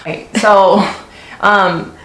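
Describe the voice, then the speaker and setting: A woman's voice: medium pitch, steady tone, extremely slow, fairly bright tone. A middle-aged woman who is an Army senior NCO, telling stories in a casual, firm way while doing her makeup. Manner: firm, storytelling, chatty. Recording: echoey room.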